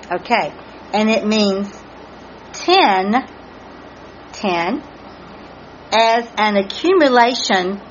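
A woman with a mid-range voice earnestly spells Hebrew words letter by letter as she teaches a Bible study. There's slight background noise, and the recording sounds muffled and lo-fi with faint ambience.

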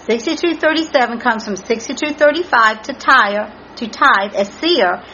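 A woman's fairly high, bright voice takes on a forceful tone as she teaches a Bible study at normal speed, earnestly spelling Hebrew words letter by letter. Slight background noise and faint ambience mark the muffled, lo-fi recording.

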